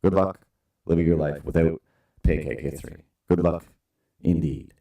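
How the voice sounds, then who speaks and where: Very deep man, deadpan, roomy distant mic. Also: normal speed, gravelly, long pauses. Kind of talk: comic narration.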